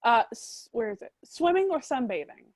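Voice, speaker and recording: A woman's voice: on the high side, big pitch swings, normal speed. A woman hosting an interview on a video call, playfully teasing as she fires off questions. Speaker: host. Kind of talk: quick-fire interview questions.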